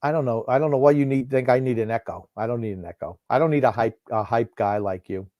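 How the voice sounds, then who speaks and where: A man co-hosting a casual football watchalong podcast, gruff and blunt, given to rambling asides. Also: medium pitch, fast, warm tone, dry recording, studio quality. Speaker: podcast co-host called Grump. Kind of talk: casual game watchalong chat.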